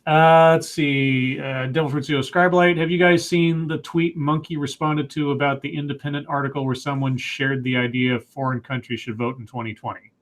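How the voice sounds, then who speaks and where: A man's voice: a little high, steady tone, normal speed, hardly any pauses. A man co-hosting a casual live stream, reading out viewer questions with hesitant, stammering restarts.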